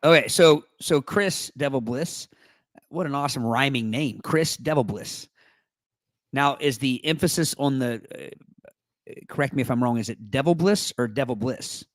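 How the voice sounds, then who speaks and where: A man co-hosting a podcast, chatting casually and reading a forum post aloud. He keeps tossing in playful, joking asides. His voice sits at a middle pitch and sounds dry and close, with no room echo. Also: normal speed. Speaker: podcast co-host. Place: live podcast recording.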